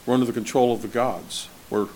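A man preaching a sermon as pastor, conversational and asking his listeners questions, swinging between loud and soft. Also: medium pitch, fairly even intonation, quick pace, slight background noise. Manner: conversational, asks the congregation questions.

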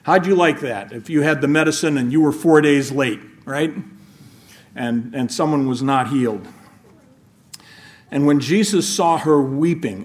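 A man's voice: fairly high pitch, a little mellow. A middle-aged man preaching a sermon in a conversational way, often restarting his sentences and adding asides.

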